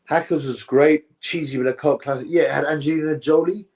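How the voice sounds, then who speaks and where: Male stream host, relaxed rambling chat delivery. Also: a little high, a little fast. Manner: rambling, drifts between topics, says "bro" often. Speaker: livestream host reading chat. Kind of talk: casual live-stream chat.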